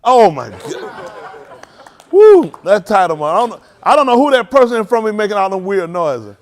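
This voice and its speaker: A lively, high-voiced male pastor talks fast and teases the youth, calling out names, while some chatter goes on behind him in the congregation hall. His voice leaps up in mock singing, and he uses Southern Black vernacular phrasing in this informal sermon with youth check-ins.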